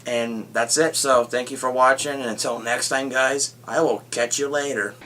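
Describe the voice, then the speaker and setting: Young man, casual movie review vlog, rambling and excitable, frequent swearing, bright forceful voice. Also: mid-range voice, normal speed, slight background noise. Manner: rambling, excitable, swears often, retells scenes.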